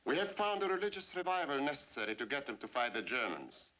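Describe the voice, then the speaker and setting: An actor in a 1950s film playing a ruthless Soviet general who speaks in a cold, measured way. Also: male voice, mid-range voice, very animated, bright, forceful tone. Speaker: Soviet official. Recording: muffled old film soundtrack.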